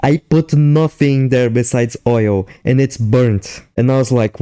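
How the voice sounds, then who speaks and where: A young man commentating a horror fan game, laughing often, swearing and reacting excitedly between explanations. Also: mid-range voice, moderate pace, few pauses, clean tone, no room sound, clean studio sound. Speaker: gaming YouTuber. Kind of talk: game commentary mixing live play and scripted explanation.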